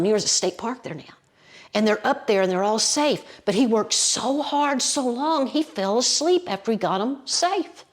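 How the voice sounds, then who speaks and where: An Appalachian woman tells a story out loud with folksy, lively energy. Her voice sits somewhat high for a woman. She drops into colloquial mountain phrasing as she goes. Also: normal speed. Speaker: storyteller, podcast guest. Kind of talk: animated oral storytelling.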